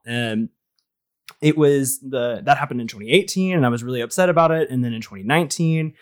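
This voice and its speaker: A young man chats on a podcast and tells his story with restarts and self-deprecating asides. His pitch climbs and falls a lot. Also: lively intonation, a little fast. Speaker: guest, new drag queen. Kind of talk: casual podcast chat.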